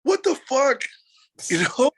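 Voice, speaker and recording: A man from New York City, a musician guest in a casual interview, ranting in an animated, profane way and laughing between points. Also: extremely high pitch, slow pace, slightly rough.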